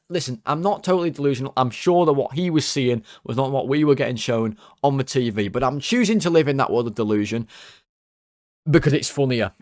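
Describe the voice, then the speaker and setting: A young man hosting a football fan channel, ranting casually and swearing, his voice leaping high when he gets worked up. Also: fairly quick, no echo, studio quality. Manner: exasperated, swears, jumps to high excited pitch when worked up.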